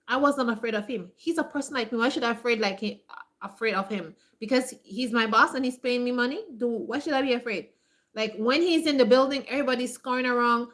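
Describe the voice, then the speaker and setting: Lady ranting to her viewers, keeps saying like, kinda high and sharp. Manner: emphatic, repeats herself, many fillers like "like"; acts out other people's voices in quick asides. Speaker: homesteading vlogger. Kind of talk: casual motivational talk to viewers.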